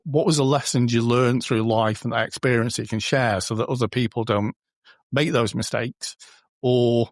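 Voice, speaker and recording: A man chatting informally as a podcast guest, often slipping into little quoted exchanges. His voice sits at an ordinary middle pitch. The sound is dry and close, with no room echo. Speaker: podcast guest, booking company co-founder. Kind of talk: casual conversational interview.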